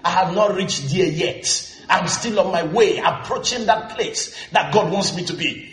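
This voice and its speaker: A man preaching a sermon as pastor, asking the congregation if they are listening and breaking into shouted emphasis, recorded in a church. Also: high voice, normal speed. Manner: lively preaching with frequent call-and-response questions to the congregation; frequent bursts of shouted emphasis. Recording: roomy echo of a church hall.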